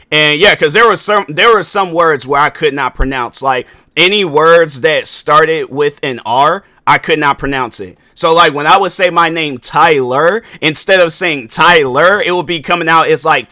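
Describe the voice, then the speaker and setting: A man's voice: on the high side, pushed and bright, dry recording, studio quality. A young man talking casually on his own podcast, rambling and restarting his sentences as he goes. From Washington, US. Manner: loose, conversational, repeats and restarts often. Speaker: podcast host. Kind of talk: casual solo podcast monologue.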